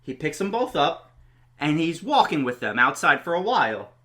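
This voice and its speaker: A man's voice: on the high side, big pitch swings, normal speed, pushed and bright. A man co-hosting a podcast, recapping a horror film's plot in a plain, casual way. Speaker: podcast co-host. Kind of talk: casual film review chat.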